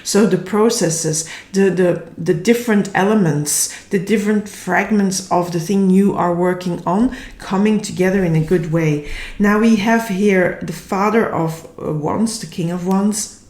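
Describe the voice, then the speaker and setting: A woman giving a casual tarot reading, slightly hoarse and tired, thinking aloud and searching for words. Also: mid-range voice, measured pace, a little mellow. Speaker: tarot reader. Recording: echoey room.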